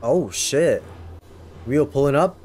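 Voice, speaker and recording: Lively young man reacting to anime. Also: mid-range voice, slow, faint music behind. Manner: slangy, swearing, bursts into laughs and yelps. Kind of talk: casual reaction commentary.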